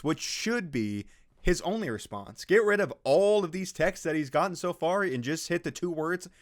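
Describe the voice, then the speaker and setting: A man giving casual, sarcastic commentary on a post he is reading, swearing freely and laughing at his own jokes. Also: a little high. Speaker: video host reacting to a social media post.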